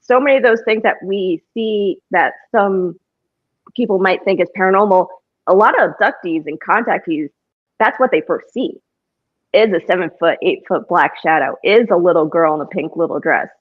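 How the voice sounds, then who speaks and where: A woman's voice: lowish voice, normal speed, no echo. Rambling woman paranormal investigator, dull audio. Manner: rambling, with many restarts and fillers. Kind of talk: casual conversation on a podcast.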